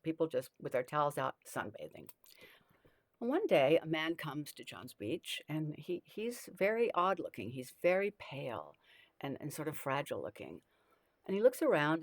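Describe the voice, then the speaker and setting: A woman telling a comic story with animated, swooping delivery. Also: low voice, dry recording.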